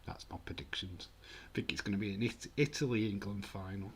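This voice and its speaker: A man's voice: lowish voice, moderate pace, slight background noise. A man hosting a football watch-along stream, chatting casually and jokingly while he reads comments from the chat. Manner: chatty, jokey, mock-offended.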